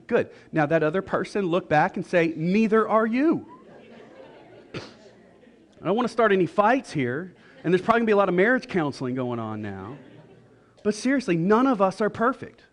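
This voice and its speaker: A middle-aged man preaching a sermon in a church, conversational and joking, now and then voicing the people in his stories. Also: high-pitched. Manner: conversational and joking, with quick voiced asides. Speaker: pastor.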